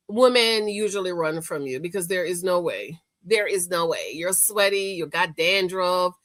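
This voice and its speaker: A woman hosting a reality TV recap, talking in a sassy, animated way and calling out the people she reviews. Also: lowish voice, normal speed, no echo. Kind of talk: casual commentary.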